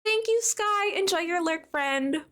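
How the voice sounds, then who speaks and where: Chatty high-voiced woman streamer. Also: unhurried. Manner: chatty, greets viewers by name, animated and giggly. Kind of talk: casual live-stream chat.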